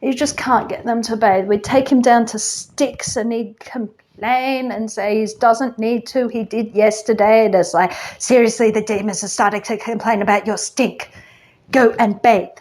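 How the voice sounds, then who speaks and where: A woman's voice: a little high, fairly even intonation, normal speed, darkish tone, natural voice. A woman playing a flippant, gossipy goddess queen of the underworld in a chatty comic monologue full of "like" and "you know".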